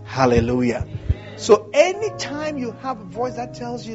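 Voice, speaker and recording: A man from Ghana preaching a sermon, moving between loud declarations and quiet storytelling. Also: extremely high pitch, wildly swooping pitch, normal speed. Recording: dull lo-fi sound with music behind.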